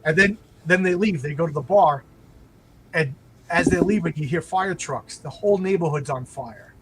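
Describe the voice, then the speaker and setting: A man with a slightly high voice talks loosely and eagerly, stumbling over restarts as he retells a story and acts out bits of dialogue. A faint hiss of noise sits under the recording. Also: moderate pace. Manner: rambling, animated retelling with many restarts and acted-out quotes. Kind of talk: casual chat.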